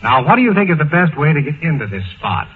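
A man's voice: fairly high pitch, sing-song, quick pace, slightly rough, narrow, tinny audio. A man moderating a comedy writers' panel in a dry, wry way on an old radio broadcast.

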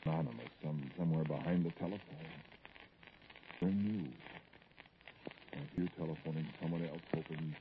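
A man's voice: very deep voice, fairly even intonation, normal speed, long pauses, narrow, tinny audio. An actor playing a haunted, brooding middle-aged man in a 1940s radio drama, narrating intensely to an unseen listener, on a hissy old broadcast recording.

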